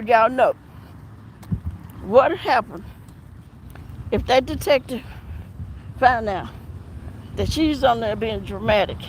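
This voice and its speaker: A woman with a high voice talks slowly and emphatically, circling back over the same points as she comments. Wind and passing traffic rumble loudly behind her outdoor recording. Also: low-quality recording. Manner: rambling, repetitive, emphatic. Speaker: commentary vlogger. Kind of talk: casual commentary.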